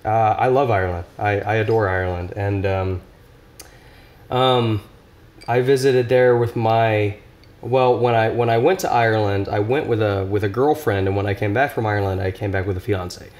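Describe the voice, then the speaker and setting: A man's voice: lowish voice, fairly even intonation, normal speed, a little mellow. A young man guesting on a podcast, talking casually, rambling with lots of restarts and laughter. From Nashville area, US. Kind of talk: casual chat.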